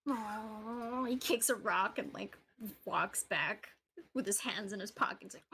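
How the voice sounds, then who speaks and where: A woman's voice: mid-range voice, slow, vocal fry, sharp tone, slight background noise. A woman narrating a tabletop game as game master, casual with frequent fillers.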